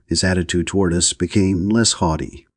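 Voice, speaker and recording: A man narrates an audiobook in a measured, understated style. His voice is low and husky. The sound is close and dry, with no room around it. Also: fairly even intonation, dry recording.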